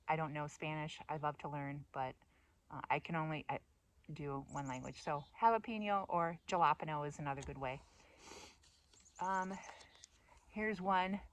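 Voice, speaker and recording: A middle-aged American woman talking in a casual monologue, playful and self-mocking, rambling with fillers. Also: low-pitched. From United States. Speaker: vlogger.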